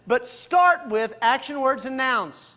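A pastor with a strikingly high voice for a man, leading a Bible study class. He asks question after question, repeats his main points, and talks to his listeners like a friendly teacher. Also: lively intonation, slow, pushed and bright. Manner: addresses listeners directly and casually.

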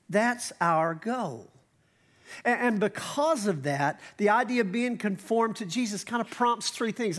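A male pastor, giving a conversational sermon with asides and slow emphatic phrases. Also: high-pitched. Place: church stage.

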